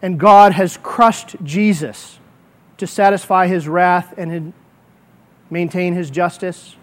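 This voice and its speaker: High-voiced preacher, man, emphatic. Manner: emphatic, slows down to stress key words. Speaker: pastor. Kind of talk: sermon.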